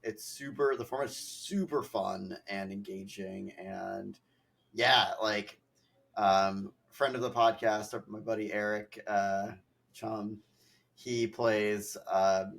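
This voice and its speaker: A young man hosting a podcast in a loose, rambling way, leaning on filler words as he goes. His voice sits a little low. He sounds a bit stuffy from allergies. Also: fairly even intonation, slow, gravelly, a bit bright. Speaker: podcast host. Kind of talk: casual chat.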